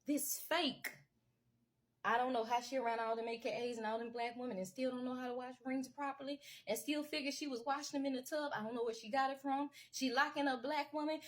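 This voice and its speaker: Woman vlogger, higher-pitched, heated preachy rant, repetitive and emphatic. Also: a bit bright. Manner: casual vernacular with lots of y'all. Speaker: political commentator. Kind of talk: impassioned political rant to camera.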